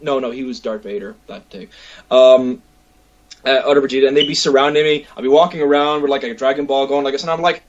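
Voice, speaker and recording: A man hosting a casual chat, telling stories in an animated way with lots of fillers. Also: mid-range voice, fast, lo-fi sound. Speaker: podcast host.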